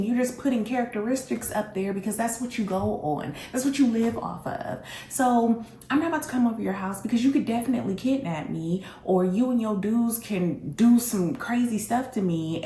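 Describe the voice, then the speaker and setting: A woman hosting a candid storytelling vlog, telling her story in an animated, blunt way and speaking straight to her audience. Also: fairly high pitch, reverberant. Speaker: vlog host.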